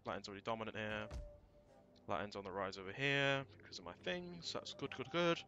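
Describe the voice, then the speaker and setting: Man, let's play commentary, bright tense voice, mid pitch, swears when frustrated, faint game music under it. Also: fairly quick, dull audio. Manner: thinks aloud, swears and shouts when frustrated. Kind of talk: casual gameplay commentary.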